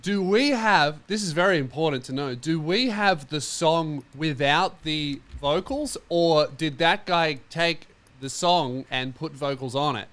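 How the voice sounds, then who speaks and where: A man co-hosting a podcast in casual banter, teasing and animated. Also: on the high side, measured pace, few pauses. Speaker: podcast co-host.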